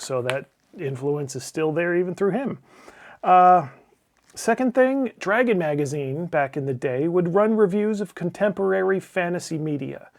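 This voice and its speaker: A middle-aged man reads his own scripted movie review as the host of his channel, slightly high in pitch. He is blunt and profane, tossing off wry asides as he goes. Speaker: channel host, game publisher. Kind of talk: scripted opinionated film review.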